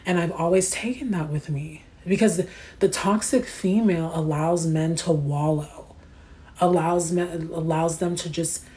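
Slangy livestreaming woman, low voice. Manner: slangy, animated storytelling that answers chat comments. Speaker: livestream host. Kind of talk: casual livestream chat.

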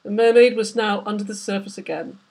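A woman's voice: mid-range voice, a little fast, gravelly, darkish tone. A woman, the author, reading aloud from her novel with vivid, dramatic storytelling. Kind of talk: literary reading.

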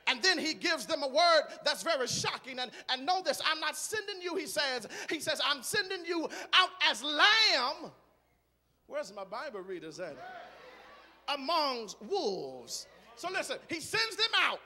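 A man preaching a sermon in a large church, moving from quiet talk to shouted, rhythmic preaching. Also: very high voice, sing-song, unhurried, in a large hall. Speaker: guest preacher.

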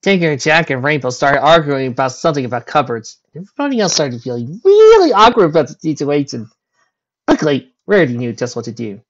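A woman reading a fan story aloud with animated, brisk narration. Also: sits low, dull audio. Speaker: fanfiction reader.

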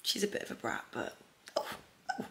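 A woman's voice: a little fast, slight background noise. Chatty young woman with a head cold. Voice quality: slight lisp from retainers. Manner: chatty, rambling, self-deprecating. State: sick with a bad cold. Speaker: equestrian vlogger. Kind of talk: casual vlog chat.

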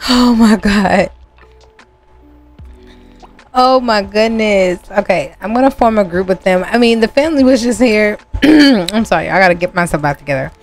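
A young woman hosts casual gameplay commentary, full of emotional, gushing exclamations. She talks at an unhurried, drawn-out pace with faint music behind her. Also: medium pitch. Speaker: gameplay host.

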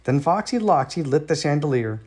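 A man's voice: fairly high pitch, sing-song, normal speed, darkish tone. American man reading a children's story. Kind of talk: children's storybook read-aloud.

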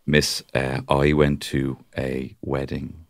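A young Irish man with an extremely deep, low voice on a comedy podcast. He tells his story in a deadpan mumble. The mic sound is dry and close. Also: slow pace, gravelly, no echo. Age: young adult. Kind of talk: casual chat, storytelling.

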